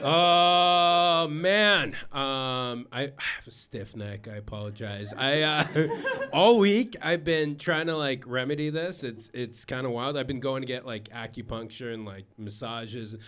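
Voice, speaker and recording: On a comedy stage before a live audience, a man with a mid-range voice rambles through a self-deprecating stand-up set at an unhurried pace, packing in plenty of filler words. The live stage mic picks up background noise and audience laughter.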